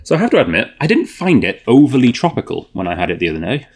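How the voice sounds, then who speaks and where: A man's voice: medium pitch, sing-song, quick pace, slightly rough. A man hosting a whisky tasting video, chatting casually and thinking aloud with fillers and self-corrections. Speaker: host.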